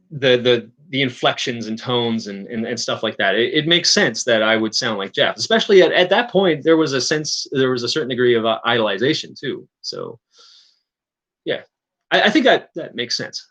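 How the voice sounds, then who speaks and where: Man from Newfoundland, casual stream chat, bright forward tone, halting and rambling delivery. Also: mid-range voice. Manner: rambling, halting, with frequent restarts and chuckles.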